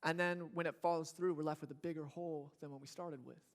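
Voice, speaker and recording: A young man with a high voice preaching to his church congregation. He keeps it casual and funny, slipping into quick acted-out voices of struggling people and fussing babies before landing his point. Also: steady tone. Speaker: pastor. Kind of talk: sermon.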